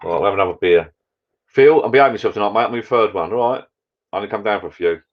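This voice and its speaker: A man's voice: on the low side, fast, lo-fi sound. A man rambling through a casual live-stream chat from his garden bar, talking to viewers in a matey way. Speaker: vlogger hosting a live chat.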